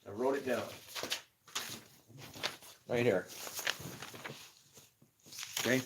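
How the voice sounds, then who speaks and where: Middle-aged guy ranting about god and his day, grumpy, bright edgy tone. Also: mid-range voice, slow, pauses often, a little hiss or hum. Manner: grumpy, preachy, laughs at himself. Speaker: vlogger. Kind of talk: rambling monologue.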